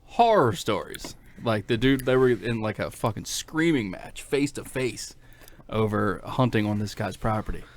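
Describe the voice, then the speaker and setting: A man's voice: on the low side, normal speed. A man co-hosting a hunting talk show, blunt and joking as he agrees with his partner. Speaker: hunting podcast co-host. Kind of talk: casual chat.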